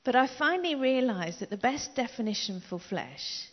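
A middle-aged woman delivers a sermon, her voice rising and falling with lively swings in pitch. She is emphatic and repeats key phrases, then slips into quiet asides. The recording is muffled and rings with the long echo of a large hall. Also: normal speed. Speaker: preacher. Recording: dull echoey hall recording.

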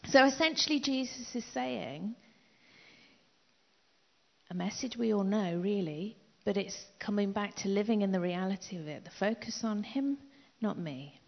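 Animated woman preaching in an echoey hall. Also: medium pitch, moderate pace, gravelly. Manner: emphatic, repeats key phrases, drops to soft asides. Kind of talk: sermon. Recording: dull echoey hall recording.

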